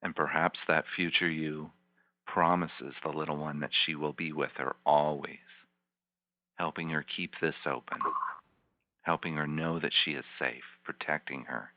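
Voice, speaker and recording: A man, a healing practitioner, leading a volunteer through slow guided imagery with soft, repetitive, soothing coaching. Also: a bass voice, steady tone, dry recording. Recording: dull lo-fi teleconference line.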